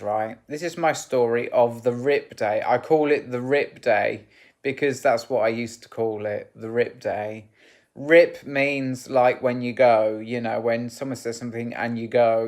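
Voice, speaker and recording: A man tells a personal story to camera at a slow, unhurried pace. His talk rambles and halts, full of restarts and fillers. He speaks with candid, open emotion. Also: mid-range voice. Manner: rambling and halting, full of "you know" and restarts.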